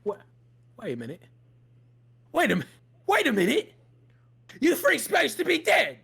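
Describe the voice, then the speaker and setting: A hot-tempered young ship guard shouting accusations in a high, strained voice, as a man puts him on. He yells indignantly and sounds gravelly and worked up, a raw tabletop game voice. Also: wildly swooping pitch, normal speed, full character voice. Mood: startled.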